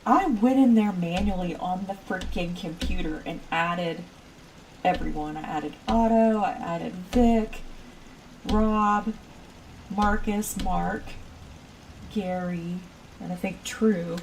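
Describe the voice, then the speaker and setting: A woman's voice: lowish voice, takes it slowly, darkish tone, recorded from a distance, a little hiss or hum. A woman streaming a building game, rambling and giggling as she chats with her viewers. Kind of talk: casual chat while playing a building game.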